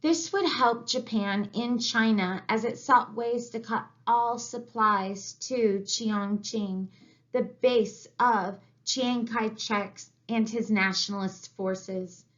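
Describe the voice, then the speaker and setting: A woman teaching a history lesson, speaking slowly and deliberately in a recorded lecture. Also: mid-range voice. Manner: slow and deliberate, with quoted asides. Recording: dull lo-fi recording.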